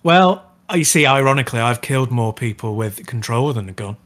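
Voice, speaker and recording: A man's voice: mid-range voice, expressive, fast talker, fairly bright tone. Easygoing man chatting on a podcast. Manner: easygoing, laughs often. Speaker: podcast co-host. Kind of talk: casual podcast chat.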